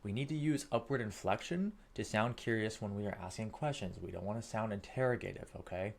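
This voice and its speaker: Lowish-voiced man coaching a sales team. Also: a little fast, vocal fry. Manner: emphatic, checks in with frequent "okay?". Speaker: sales trainer. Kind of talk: coaching lesson.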